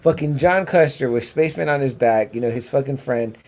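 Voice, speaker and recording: A man co-hosting a comic book podcast, excitable, swearing and often asking his co-host to agree. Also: mid-range voice, a little fast. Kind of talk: casual comic book review chat.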